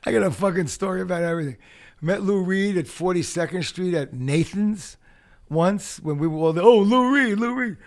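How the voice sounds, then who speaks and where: A man from the Bronx, guesting on a podcast and telling animated, profane stories. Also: high-pitched, fairly quick. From the Bronx, New York. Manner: animated, profane raconteur who acts out the people in his stories. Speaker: podcast guest, punk rock singer. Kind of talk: casual storytelling interview.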